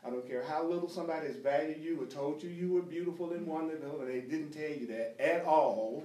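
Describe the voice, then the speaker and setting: A man's voice: a little high, a little fast, dark tone. A man leading a spiritual study group with an emphatic, conversational delivery that repeats phrases and slips into jokes. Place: meeting room with a small group, streamed live. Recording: echoey room, mic at a distance.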